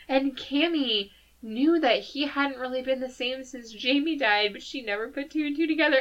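Woman podcaster ranting about a book, bright higher voice, lots of likes, kinda lo-fi sound. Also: normal speed. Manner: animated storytelling, frequent laughter and "like" fillers. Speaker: podcast co-host. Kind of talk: casual chat reviewing a book.

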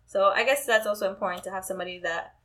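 A woman chatting casually who tells stories with lively acted-out quotes and casual swearing. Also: mid-range voice, rapid-fire. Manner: animated storyteller, acts out quotes, swears casually. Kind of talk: casual chat.

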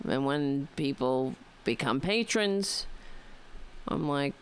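A woman's voice: low-pitched, animated, slow, clean tone. A woman with a New York accent hosting a political talk radio show, chatting to listeners in a rambling, wry way.

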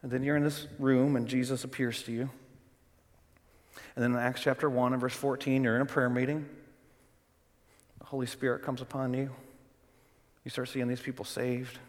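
A man's voice: mid-range voice, flat delivery, moderate pace, long pauses. Male pastor preaching in a reverberant hall. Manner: dramatic storytelling, shifts between loud bursts and hushed tones. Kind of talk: sermon.

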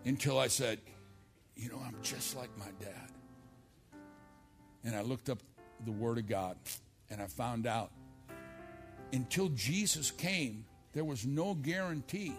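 A middle-aged male pastor preaching a televised church sermon, telling stories and moving from loud, emphatic lines to low, quiet asides. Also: expressive, a little slow, faint music behind. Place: church service filmed for television.

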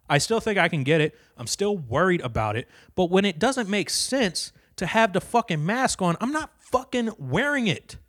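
A man's voice: sits high, a bit bright, no room sound, studio quality. A young man hosting his own podcast alone, talking in a blunt, profane and rambling way into a stand-up comedy mic. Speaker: podcast host. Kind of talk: casual solo podcast monologue. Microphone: handheld stand-up comedy mic on a stand.

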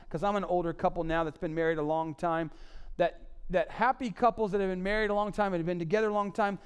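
A man in his forties preaching a sermon on marriage, swinging between loud emphatic lines and low quiet asides. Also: smooth. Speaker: pastor.

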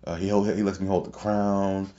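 A man hosting a podcast, telling a long casual story in a rambling, excitable way with many fillers and restarts. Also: deep voice, normal speed, highs cut off. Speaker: podcast host.

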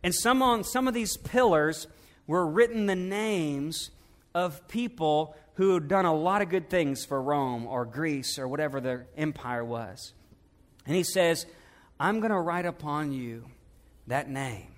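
High-voiced male pastor preaching. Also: unhurried. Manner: swings between loud emphatic peaks and hushed, low, intimate delivery; addresses the congregation directly with questions. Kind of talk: sermon.

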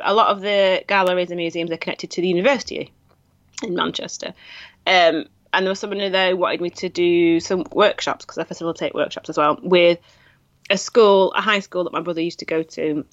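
A woman co-hosts a relaxed conversation, her voice sitting a touch low. She rambles with false starts and laughs often. The recording is close and dry with a dull, lo-fi edge. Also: no room sound. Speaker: podcast co-host. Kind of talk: casual chat.

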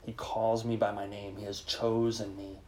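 A priest speaking in a conversational sermon to a live group, leading them in call-and-response. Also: male voice, on the low side, level tone, normal speed, slight background noise. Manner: informal, leads call-and-response with listeners.

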